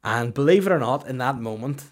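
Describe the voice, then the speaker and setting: A man's voice: medium pitch, animated, fairly quick. A man, telling rambling, profane comic stories as a podcast host in a mock-serious tone. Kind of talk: comedic storytelling.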